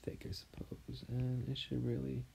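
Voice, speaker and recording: A man giving soft-spoken commentary while he draws, half-whispering and musing aloud as he works. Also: medium pitch, monotone, normal speed, vocal fry. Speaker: artist. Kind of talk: drawing commentary.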